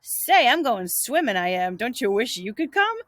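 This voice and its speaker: Lady playing a show-off kid, mocking and teasing, high pitched, dry close sound. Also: big pitch swings, moderate pace, a bit bright, dry recording. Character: cocky teasing boy.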